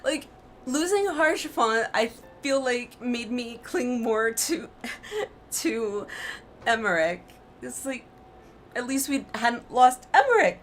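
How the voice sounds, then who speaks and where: A woman's voice: a little high, slow pace, soft background music. Emotional young woman reacting to a game. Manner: expressive, talks to herself, reacts out loud. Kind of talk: emotional let's-play reaction.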